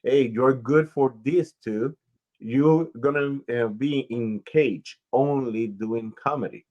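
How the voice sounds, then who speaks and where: A man hosts a radio talk show and hands out career advice in a slow, drawn-out way. His voice sits at a middle pitch. The sound is dull and lo-fi, with the highs cut off. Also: darkish tone. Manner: slow, advising, explains at length. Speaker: radio show host and talent manager. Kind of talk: casual interview chat.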